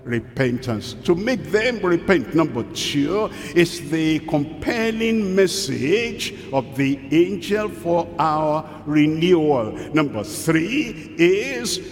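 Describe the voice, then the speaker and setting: A man preaching a sermon, reading scripture slowly with deliberate pauses. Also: big pitch swings. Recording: hall reverb, faint rumble.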